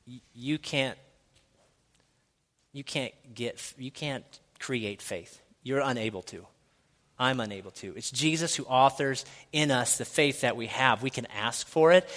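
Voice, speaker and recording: A pastor preaching a sermon in a church, swinging from hushed, intimate lines to loud, excited shouting. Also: male voice, mid-range voice, moderate pace, big-room sound. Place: church sanctuary.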